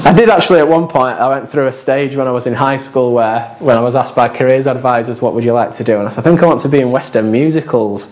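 A man preaching a sermon in a chatty, self-deprecating way with lively asides. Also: mid-range voice, fast, few pauses.

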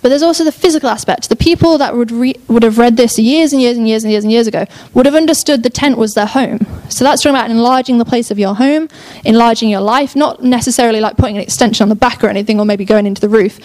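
Preaching at a quick pace with few pauses, this young woman has a darkish tone and a voice on the high side. Her sermon is enthusiastic and chatty, punctuated by frequent self-interruptions and restarts.

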